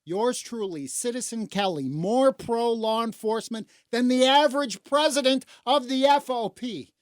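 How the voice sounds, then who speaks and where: A woman's voice: moderate pace, no echo, studio quality. Indignant woman from Chicago ranting on air. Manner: indignant, sarcastic, swings from low mutters to loud outbursts. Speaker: radio talk show host. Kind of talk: opinionated talk radio rant.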